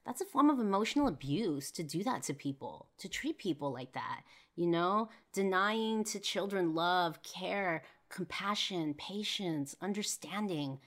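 Low-voiced woman telling a personal story. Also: expressive, unhurried, fairly bright tone. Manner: casual, emotional, swears freely, many fillers. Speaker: podcast host.

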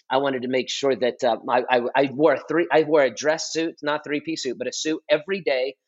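A man in his thirties, a pastor, telling his testimony in a relaxed podcast conversation, earnest and repetitive for emphasis. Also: on the high side, husky. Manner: earnest storytelling, repeats and restarts phrases for emphasis. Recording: slightly dull lo-fi audio.

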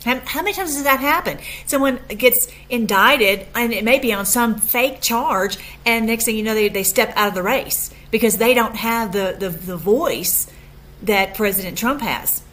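A woman hosting a political commentary show, talking in an excited, emphatic way with frequent restarts. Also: fairly high pitch, moderate pace. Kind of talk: casual commentary.

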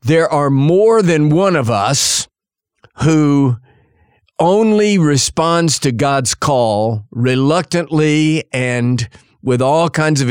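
A male preacher teaching a sermon-style Bible lesson, telling the story with lively pacing and acting out the characters' words. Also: mid-range voice, clear, resonant tone, dry recording, clean studio sound. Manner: storytelling, acts out quotes.

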